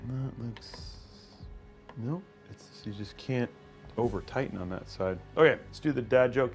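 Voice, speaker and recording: Animated man thinking aloud mid-build. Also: mid-range voice, unhurried, soft background music. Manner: thinking aloud, trailing off and restarting, reading chat. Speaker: PC building livestream host. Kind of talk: casual livestream chat while building a PC.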